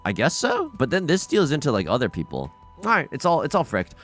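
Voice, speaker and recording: A man's voice: fairly high pitch, huge pitch swings, brisk, a bit bright, faint music behind. A young man giving casual live commentary over his own gameplay, self-mocking and prone to stammered restarts. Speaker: gaming YouTuber.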